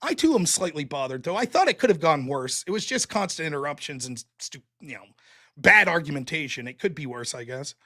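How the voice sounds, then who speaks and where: A man hosting a livestream, casually reading out donor messages and reacting to each with quick thanks and banter. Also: on the high side, big pitch swings, sharp tone. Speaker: show host reading Super Chats.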